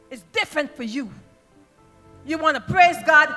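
A woman preaching an impassioned sermon in a church, moving from quiet storytelling to shouted praise. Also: high voice, expressive, moderate pace. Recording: reverberant church hall with music behind.

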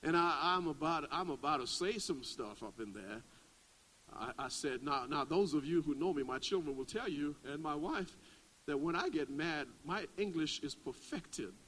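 A middle-aged male pastor preaching a sermon, dropping to a hush and then climbing to loud, rising exclamations. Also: on the high side, expressive, moderate pace, poor audio.

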